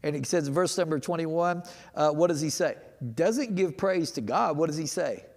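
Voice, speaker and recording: A man's voice: a little high, normal speed, darkish tone. A middle-aged man teaching a midweek Bible lesson in a church, folksy and rambling, with many restarts and fillers. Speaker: pastor. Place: church sanctuary. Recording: long hall reverb.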